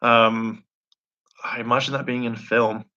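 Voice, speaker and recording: A man's voice: mid-range voice, level tone, unhurried, pushed and bright, muffled recording. A young man chatting casually on a live stream, rambling and enthusiastic, laughing often and acting out quotes.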